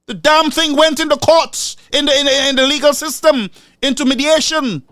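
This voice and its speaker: A man's voice: extremely high pitch, fairly even intonation, normal speed, fairly bright tone, no room sound, studio quality. A man giving angry, impassioned political commentary, ranting and firing rhetorical questions.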